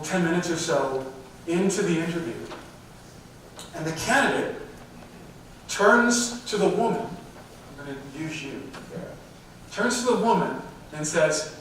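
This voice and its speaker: A man with a fairly high voice speaks straight to the audience and keeps asking them questions. He sounds distant from the mic, with the room ringing heavily around him and a faint hiss underneath. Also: fairly bright tone. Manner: direct, addresses the audience with questions. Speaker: diversity speaker. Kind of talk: live talk to a company audience. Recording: very echoey hall, mic far off.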